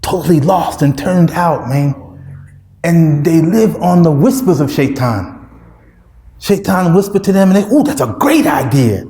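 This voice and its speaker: A man's voice: a little high, a little slow, warm tone, reverberant. A man with an American accent preaching a sermon, emphatic and repetitive, with street slang. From United States.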